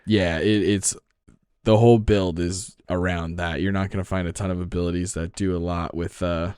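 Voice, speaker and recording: A man with a New Jersey accent, co-hosting a podcast and explaining game rules in casual, excited chat, swearing freely. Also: sits low, moderate pace, clear, resonant tone, no echo. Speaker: podcast co-host.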